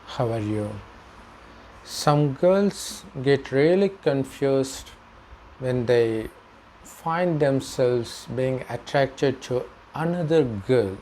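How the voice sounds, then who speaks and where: A man giving a spiritual talk as a teacher, explaining slowly and carefully with pauses. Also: medium pitch, lively intonation, darkish tone, slight background noise. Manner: slow, measured explaining with pauses.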